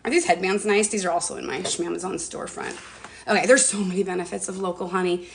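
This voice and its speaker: A woman's voice: on the low side, quick pace, vocal fry, a little hiss or hum. A woman in her forties chatting casually on a home livestream about skincare, bubbly and talkative with mild swearing. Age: 40s. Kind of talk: casual live-stream chat.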